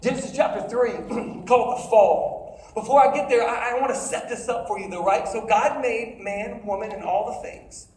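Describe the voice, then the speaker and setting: A man's voice: extremely high pitch, normal speed, darkish tone, reverberant, distant mic, low-quality recording. A man delivering a sermon to a live audience, emphatic and calling out questions for them to answer. His voice rings around a large room. He sounds somewhat away from the microphone, with a faint hum of ambience. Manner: emphatic, calls out to the crowd with questions. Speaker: preacher.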